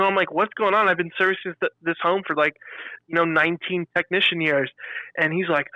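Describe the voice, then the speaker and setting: A man co-hosting a podcast, telling animated stories about customers in a casual chat and acting out their lines. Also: high voice, fast, dry recording, muffled recording. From California. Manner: animated storyteller, acts out customer quotes. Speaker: podcast co-host.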